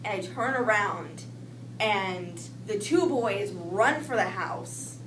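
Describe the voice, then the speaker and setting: A young woman telling a personal childhood story in a lively way, acting out the voices she quotes. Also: mid-range voice, takes it slowly. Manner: animated, acts out quoted voices. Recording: echoey room with noise, mic at a distance.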